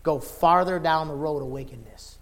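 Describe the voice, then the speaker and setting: A middle-aged male preacher with a high voice delivers a sermon in plain, folksy language. He drops low and quiet, then climbs into impassioned shouting. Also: normal speed. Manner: folksy, informal phrasing.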